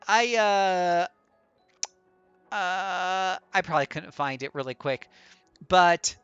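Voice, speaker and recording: A man's voice: fairly high pitch, pushed and bright, clear, resonant tone, no room sound, lo-fi sound. Rambling man commenting on a game. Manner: rambling, joking, many restarts. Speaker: streamer. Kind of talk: live gameplay commentary.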